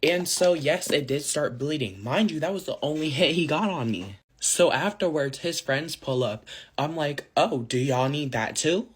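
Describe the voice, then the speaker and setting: A man's voice: a little high, lively intonation, normal speed, breathy edge. Slangy rambling young-sounding man. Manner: slangy, rambling, full of fillers. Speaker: social media storyteller. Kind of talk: casual storytime vlog.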